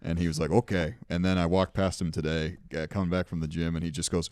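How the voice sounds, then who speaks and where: A man's voice: deep voice, little pitch movement, fast, a little mellow, clear, resonant tone, no room sound, clean studio sound. A young man hosting a podcast, telling rambling, profane anecdotes in casual chat. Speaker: podcast host.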